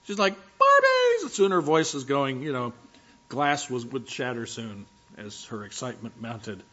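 A male pastor delivering a sermon as if chatting, telling stories and stopping for fillers as he goes. His voice sits at an ordinary pitch, and the recording is slightly dull and lo-fi. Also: a little slow. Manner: conversational storytelling with fillers.

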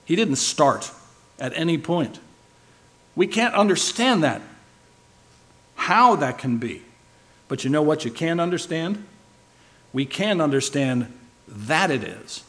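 A man's voice: fairly high pitch, big pitch swings, slow, pauses often. A man preaching a sermon with emphatic stress, now and then asking the listeners questions. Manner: emphatic, shifting loud and soft for stress; asks the listeners rhetorical questions.

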